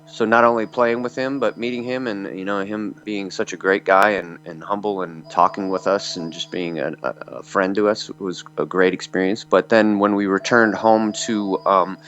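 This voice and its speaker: A man's voice: lowish voice, steady tone, normal speed, few pauses, a bit bright, soft background music. A man in his fifties from Michigan, a metal singer telling rambling anecdotes full of fillers in an interview. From Michigan, USA. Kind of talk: storytelling interview. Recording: dull lo-fi audio.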